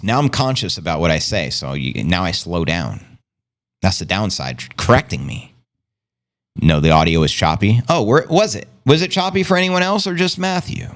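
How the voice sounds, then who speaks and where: A man's voice: lowish voice, gravelly. Brash, swinging-voiced male livestreamer. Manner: brash, profane, playful slang. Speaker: livestream host. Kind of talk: casual livestream chat. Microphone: streaming setup.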